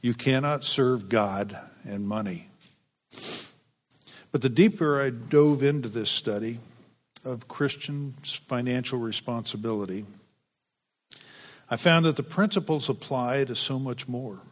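A man preaching a sermon with earnest conviction and a dry sense of humor. His voice sits at an ordinary middle pitch. It carries a long reverb that rings through the sanctuary. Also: measured pace, pauses often. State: a bit weepy. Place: church sanctuary.

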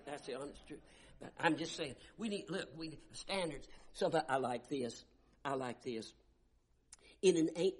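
A middle-aged man preaching a sermon in a folksy, emphatic way, swinging up to loud shouts. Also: a little high, breathy edge.

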